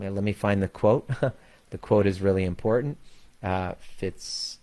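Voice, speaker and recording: A man leading an online community, telling a personal story plainly and swearing freely, then slowing down to stress his point. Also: sits low, mellow. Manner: slows down to stress key points. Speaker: coach and community leader.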